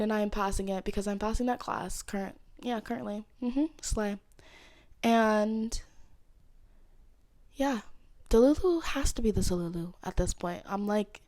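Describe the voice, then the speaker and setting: A woman's voice: mid-range voice, no echo, clean studio sound. Playful young woman podcaster. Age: 20s. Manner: playful, slangy, rambling with laughs. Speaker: podcast host. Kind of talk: casual solo podcast chat.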